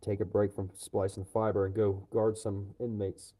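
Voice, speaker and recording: Male livestreamer, profane and fired-up ranting, warm dark tone. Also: fairly low pitch, level tone, moderate pace. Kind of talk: livestream rant.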